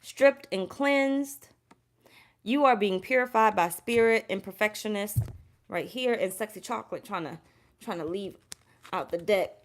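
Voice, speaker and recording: A woman giving a casual live tarot reading in a voice of ordinary pitch, neither high nor low. She rambles and curses freely, circles back to repeat her points, and breaks off to say hello to viewers in the chat. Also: a little slow. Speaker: tarot reader.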